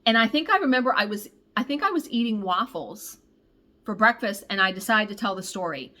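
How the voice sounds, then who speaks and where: A woman cross-stitch vlogger telling a story in a casual, animated, exasperated way, swearing freely. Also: medium pitch, a little fast.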